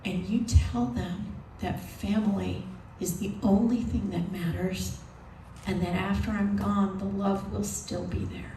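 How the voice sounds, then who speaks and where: A wry old grandmother on her deathbed, dry and no-nonsense, as a woman storyteller voices her. She speaks slowly, at an even middle pitch. The sound is roomy and distant, with a busy room behind it. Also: a little hiss or hum, natural voice. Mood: firm. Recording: roomy live venue from a distance.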